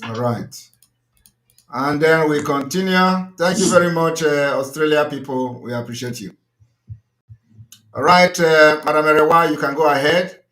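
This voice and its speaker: A man's voice: fairly high pitch, normal speed, fairly bright tone, echoey room. A man hosting an online fundraiser, giving brief, grateful acknowledgements. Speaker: host.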